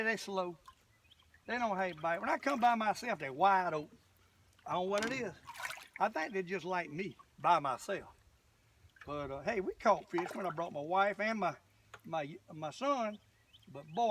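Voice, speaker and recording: An older man with a drawl, talking folksy and chatty to his viewers out on a boat. His voice runs high and bright, and it bounces all over the place. The camera mic sits a little way off, so he sounds distant outdoors. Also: slight background noise. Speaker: fishing vlogger. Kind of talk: excited fishing vlog commentary.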